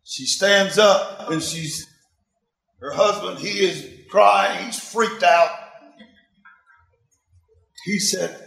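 A man in his sixties delivers a sermon as a story, animated and quick to laugh. His voice sits high and carries a gravelly edge. The sound rings in an echoey room. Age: 60s. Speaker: preacher.

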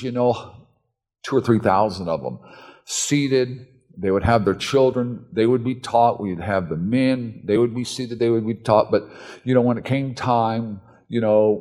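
A man preaching a sermon, telling a story with animated delivery and sudden shouted outbursts. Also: mid-range voice. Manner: animated, acts out voices, bursts into shouts.

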